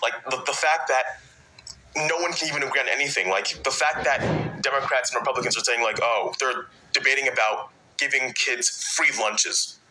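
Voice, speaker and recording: A man ranting in a frustrated, halting way, restarting his sentences again and again. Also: medium pitch, noisy background. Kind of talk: personal rant.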